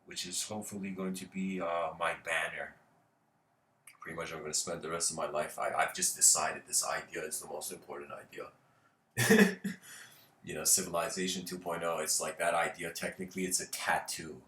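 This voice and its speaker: A man's voice: low voice, flat delivery, normal speed, bright, forceful tone, recorded from a distance, a little hiss or hum. A man giving an informal spiritual lecture, rambling, laughing often and using lots of fillers. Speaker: speaker. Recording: roomy echo.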